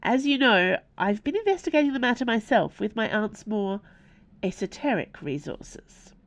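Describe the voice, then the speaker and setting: A woman's voice: a little high, animated, normal speed, pitched above the performer's own voice. A woman reading aloud voices a polite, gracious young woman playing hostess.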